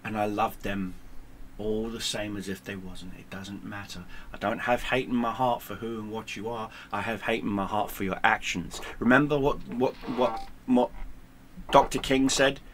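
A man's voice: on the low side, steady tone, normal speed, fairly bright tone, a little hiss or hum. A man, a gaming streamer, ranting to camera in a sarcastic, combative way with heavy swearing. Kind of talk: profane angry rant to camera.

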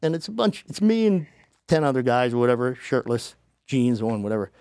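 A man's voice: fairly quick, no room sound, clean studio sound. Man animatedly retelling a story. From United States. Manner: animated retelling, acting out quoted voices in a higher pitch. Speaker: podcast guest. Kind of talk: casual storytelling.

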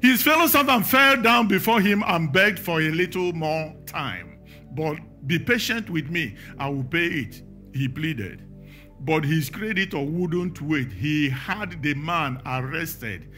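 A man's voice: a little high, very animated, measured pace, bright, forceful tone, soft background music. A man with a Nigerian accent preaching a sermon, emphatic and firing questions at the congregation.

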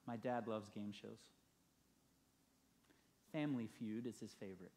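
A man's voice: on the low side, fairly even intonation, measured pace, dark tone. A male pastor preaching a sermon, telling a story and building emphasis through repeated phrases.

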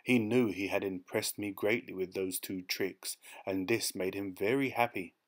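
A man reading a short story aloud as an audiobook narrator, in a measured, even manner. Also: low voice. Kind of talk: scripted narration.

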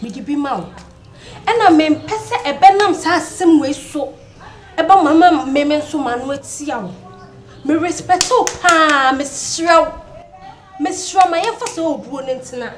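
A high, lively young woman's voice with a Ghanaian accent. She teases her rival in a mocking way. The room sounds echoey. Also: measured pace, a little hiss or hum. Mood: pleading. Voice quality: teasing, mocking delivery. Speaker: actress. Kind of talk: film drama dialogue.

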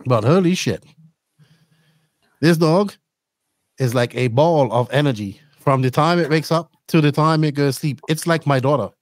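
A middle-aged man hosting a podcast, telling rambling, animated stories in casual chat. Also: fairly high pitch, normal speed, pauses often, no echo, studio quality. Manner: rambling, animated storytelling with laughs. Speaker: podcast host.

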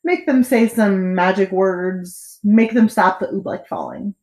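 A woman's voice: mid-range voice, a little slow, darkish tone, natural voice. A woman voicing a proud old king in a read-aloud picture book, speaking in a commanding, bellowing manner. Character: proud old male king, pompous then tearful. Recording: echoey room.

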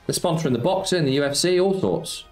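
A man's voice: fairly high pitch, quick pace. Chatty man streaming slots with roomy echo. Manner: chatty, reads chat aloud and answers viewers, says mate a lot. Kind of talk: casual live-stream chat. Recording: roomy echo with music behind.

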